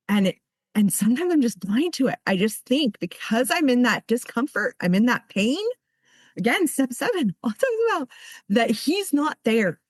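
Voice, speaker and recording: A woman's voice: a little high, very animated, moderate pace, husky, dry recording. A woman giving earnest, heartfelt personal testimony at a recovery meeting, telling her story with many restarts.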